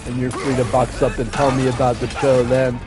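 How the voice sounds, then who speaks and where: A man's voice: medium pitch, flat delivery, brisk, over music. A man streaming a video game, rambling and aggrieved in casual chat, swearing constantly and trailing off mid-sentence. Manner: restless and aggrieved, trails off and restarts.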